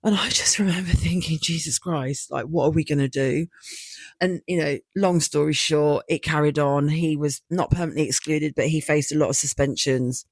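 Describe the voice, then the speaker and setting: A woman's voice: low voice, moderate pace, slightly rough, dry recording. A woman hosting a personal podcast, telling her own story candidly and emotionally, acting out her past thoughts and swearing freely. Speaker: podcast host.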